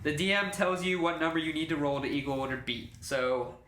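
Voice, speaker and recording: A man's voice: fairly high pitch, brisk, fairly bright tone, reverberant. A man acting as game master, explaining the rules in a rambling way, full of fillers and restarts. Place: room shared with players.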